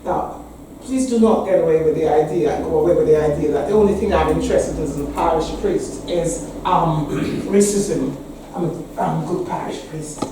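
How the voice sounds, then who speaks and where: A woman's voice: low voice, normal speed, distant mic, background noise. Wry woman priest in an echoey hall. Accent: English. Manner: candid, wry, laughs often. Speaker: parish priest. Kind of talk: speech to a meeting.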